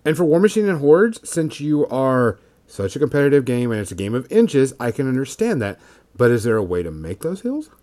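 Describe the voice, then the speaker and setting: A man's voice: mid-range voice, sing-song, brisk, dark tone. A man co-hosting a casual chat about tabletop games, explaining with lots of fillers and restarts. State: has the hiccups. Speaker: podcast co-host.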